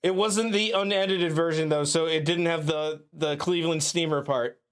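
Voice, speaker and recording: A man co-hosting a podcast, chatting casually and crudely, often halting and restarting mid-sentence. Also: fairly high pitch, steady tone, a bit bright. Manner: halting, restarts, laughs at jokes. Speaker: podcast co-host.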